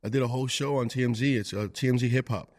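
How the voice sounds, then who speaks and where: A man's voice: mid-range voice, steady tone, a little mellow. A man chatting casually as a guest comedian, talking loosely and restarting his sentences. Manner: quick, loose talk with repeated restarts. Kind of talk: casual chat.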